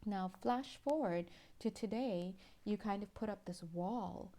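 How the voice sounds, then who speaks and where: A woman's voice: mid-range voice, measured pace, dark tone. A woman giving a pick-a-card tarot reading, chatty and playful, laughing often and sounding a little tired. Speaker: tarot reader.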